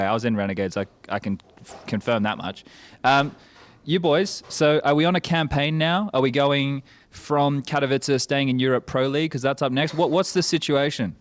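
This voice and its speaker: A man hosting casual interviews with players, teasing and joking as he goes. His voice sits at a middle pitch. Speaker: host.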